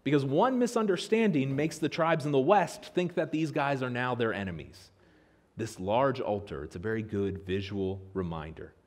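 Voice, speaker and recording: An American man delivers a sermon as a church pastor, with a mid-pitched voice. His pitch rises and falls freely as he tells stories and builds his points. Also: moderate pace. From Pennsylvania, USA. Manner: animated storytelling with lively pitch swings. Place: church sanctuary.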